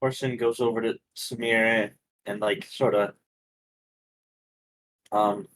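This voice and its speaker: A man's voice: on the low side, fairly even intonation, slow pace, a bit bright, poor audio. A man playing a tabletop game, talking hesitantly with many fillers and restarts. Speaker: player.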